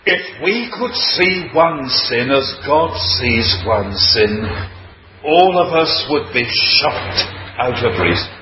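A man delivers a sermon slowly and deliberately, his fairly high voice rising and falling dramatically for emphasis. The recording is dull and lo-fi, with a faint hiss under it. His voice rings out through a roomy hall. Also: very animated. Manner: emphatic, dramatic preaching with wide swings in pitch. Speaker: preacher.

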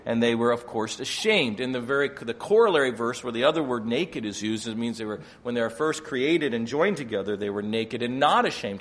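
An older man preaching a sermon, moving between quiet explanation and loud, emphatic passages. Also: mid-range voice.

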